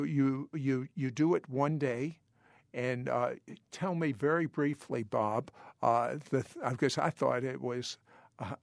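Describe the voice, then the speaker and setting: An older man hosts the talk, prompting his guest with halting, searching questions. His voice is gravelly, and the recording is dry and close. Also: medium pitch, no echo. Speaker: host. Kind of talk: interviewing a guest.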